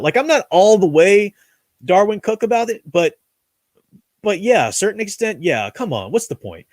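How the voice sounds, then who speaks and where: A man's voice: sits high, very animated, normal speed, darkish tone, no echo, studio quality. A man hosting his own commentary show, talking casually in an indignant, ranting way with many restarts. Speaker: commentary channel host.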